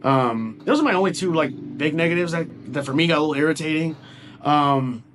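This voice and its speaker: A man's voice: fairly high pitch, lively intonation, brisk, background noise. A young man giving a casual film review, rambling and enthusiastic with lots of fillers and restarts. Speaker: movie reviewer.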